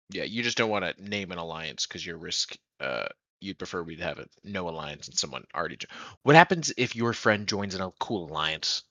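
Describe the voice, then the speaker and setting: A man's voice: sits low, pushed and bright, no room sound. A man chatting casually as a player in a tabletop game, joking, laughing often and swearing freely.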